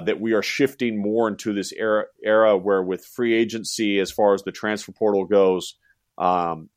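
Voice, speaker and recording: A man's voice: lowish voice, no room sound, clean studio sound. A middle-aged American man, a college basketball analyst, talking animatedly in a casual podcast chat and acting out fans' voices. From United States.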